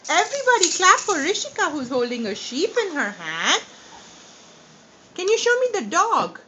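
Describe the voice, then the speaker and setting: A woman's voice: extremely high pitch, sing-song, normal speed, sharp tone, a little hiss or hum. A woman teaching small children at home, sing-song and patient, repeating her questions and making animal sounds, filmed on a phone. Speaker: parent teaching young children. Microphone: phone camera. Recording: muffled phone video recording.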